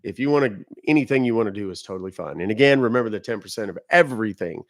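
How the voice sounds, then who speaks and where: An American man hosts a live stream, speaking casually to his viewers and issuing blunt, emphatic warnings. His voice sits fairly low, and he talks very fast and with animation. The recording is dry and studio quality.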